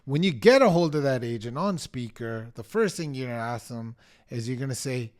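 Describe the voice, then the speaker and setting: A man's voice: medium pitch, expressive, a little fast. Punchy, emphatic middle-aged male coach. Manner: punchy and emphatic, acts out client and agent dialogue. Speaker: real estate coach. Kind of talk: energetic coaching talk to the camera.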